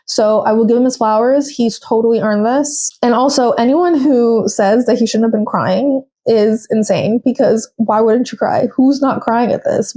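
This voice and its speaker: A woman's voice: a little high, mellow. A young woman hosting a podcast, chatting casually and with strong opinions, full of fillers. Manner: chatty, opinionated, with frequent fillers and quoted voices. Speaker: podcast host. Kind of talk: casual solo recap chat.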